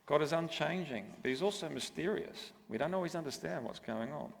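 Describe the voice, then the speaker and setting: A middle-aged man sharing an earnest, measured testimony from a church stage. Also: on the high side, expressive, vocal fry. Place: church auditorium. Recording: long reverb of a church hall.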